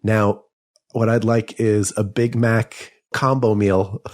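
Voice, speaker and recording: A man co-hosting a comedy podcast, talking in a playful, animated way. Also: fairly low pitch, takes it slowly. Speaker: podcast co-host. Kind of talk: improvised comedy chat.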